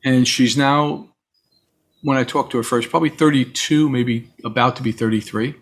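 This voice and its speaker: Man, husky, middle pitch, reflective interview guest, storytelling. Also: steady tone, moderate pace. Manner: storytelling, acts out quoted voices. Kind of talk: reflective conversation.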